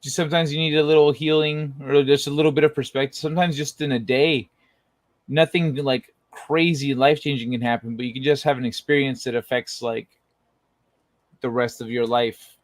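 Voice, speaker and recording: A man's voice: mid-range voice, brisk, no echo. Laid-back man on a dry mic. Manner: relaxed, trailing off with fillers. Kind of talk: casual chat.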